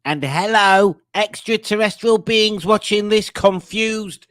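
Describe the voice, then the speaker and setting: A man voicing a slow, booming male judge who reads greetings with drawn-out, grand emphasis. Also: a bit bright, no room sound. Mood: grandly formal.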